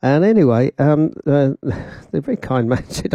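A man hosts a radio show from the studio, wearing headphones at a studio microphone, and rambles chattily through a personal anecdote with laughs and quoted voices. His medium-pitched voice is animated and dark-toned at a moderate pace, and the recording is dry.

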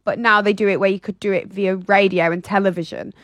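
A woman's voice: medium pitch, fairly even intonation, fast talker, fairly bright tone, no room sound. A woman co-hosting a morning radio show, chatty and playful, going off on giggly tangents. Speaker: radio co-host. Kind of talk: breakfast radio chat.

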